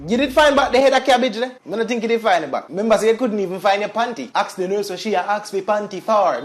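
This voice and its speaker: A woman with a Jamaican accent telling a comic story in an animated, teasing way. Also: medium pitch, brisk, few pauses.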